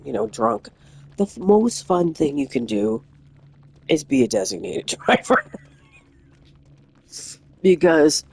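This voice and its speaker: A gaming streamer spinning a casual, meandering story for an audience. The delivery is animated and full of false starts and self-corrections, drifting from one aside to the next. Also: mid-range voice, no room sound, poor audio. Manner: rambling, animated anecdote with many restarts.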